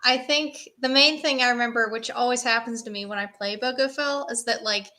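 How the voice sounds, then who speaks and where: A woman guest joining a livestream over a remote call, speaking a little high with a bright, forceful tone. She chats freely and keeps breaking into giggles. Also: brisk. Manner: giggly and chatty. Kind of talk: casual livestream chat. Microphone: remote call, delayed.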